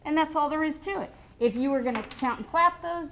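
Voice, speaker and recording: A woman's voice: high-pitched, a little fast, a bit bright, slight background noise. A woman music educator in a studio, explaining rhythm to a child in a chatty, encouraging way.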